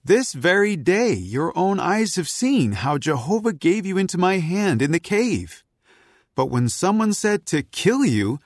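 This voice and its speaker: An earnest young warrior pleads with passion in a dramatized scripture reading. His voice rises and falls widely and sits a little high. The recording is dry and close. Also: no echo.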